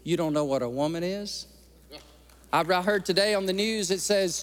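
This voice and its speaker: A man's voice: sits high, moderate pace. A male pastor preaching an impassioned sermon in a church. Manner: impassioned preaching, tearful at times. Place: church sanctuary. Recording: long hall reverb.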